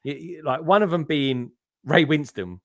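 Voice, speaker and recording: A man's voice: on the high side, normal speed, a bit bright, no room sound, clean studio sound. A man, a guest in a casual livestream chat, talking colloquially and laughing easily. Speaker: guest co-host.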